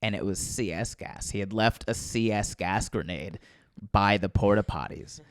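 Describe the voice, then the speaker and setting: A man's voice: lowish voice, moderate pace, no room sound. Guy in his 30s, comedian telling a wild story on a podcast, acts out the quotes, swears a lot, dry close sound. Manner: animated storyteller acting out quotes with profanity. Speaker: stand-up comedian guest.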